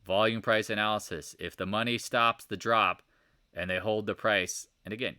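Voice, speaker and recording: A man's voice: on the low side, steady tone, normal speed, bright, forceful tone, clear, resonant tone, no room sound, studio quality. A man giving a casual, rambling market recap over charts, exasperated and preachy, firing off rhetorical questions. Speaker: market commentator.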